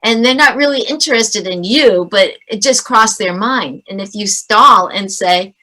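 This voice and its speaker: A woman's voice: mid-range voice, a little slow, few pauses, sharp tone. A middle-aged woman, a parenting author interviewed as a guest, who gives advice through stories and acts out the lines she quotes.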